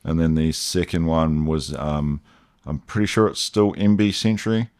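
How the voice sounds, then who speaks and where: Low-voiced New Zealand man telling stories. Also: normal speed, clean tone. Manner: animated, lifts his voice for quoted dialogue. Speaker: guest, BMX rider. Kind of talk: casual storytelling chat.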